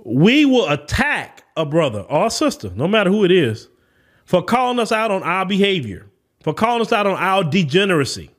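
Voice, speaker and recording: A man's voice: high voice, big pitch swings, normal speed, fairly bright tone. A man with a Southern US accent hosting an opinion podcast, talking in a preachy, emphatic, lecturing way. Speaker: podcast host.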